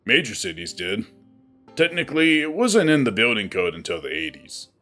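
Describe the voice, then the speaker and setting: A man's voice: medium pitch, sing-song, moderate pace, sharp tone, faint music behind. A man voicing a blunt, stone-faced male gila monster who speaks curtly and swears.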